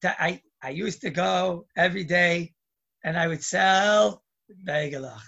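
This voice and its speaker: A man voicing a poor, humble old male pastry peddler with drawn-out calling cries. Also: high voice, vocal fry, bright, forceful tone, muffled recording, exaggerated voice. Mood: pleading.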